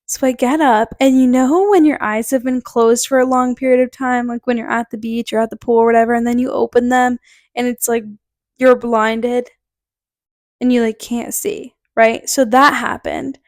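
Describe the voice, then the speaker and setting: A young woman from Connecticut chats through a story on her podcast. Her voice sits slightly high, and her loose, filler-heavy delivery is broken by little laughs. The recording is dry and close, with no room sound. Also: fairly even intonation, normal speed, darkish tone, dry recording. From Connecticut, USA. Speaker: podcast host. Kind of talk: casual storytelling.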